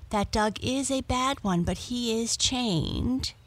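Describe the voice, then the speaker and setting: A woman voicing a friendly, polite female yellow cat who calmly reassures her new friend in a storybook reading. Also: on the high side, slow pace, voice pushed up. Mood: reassuring.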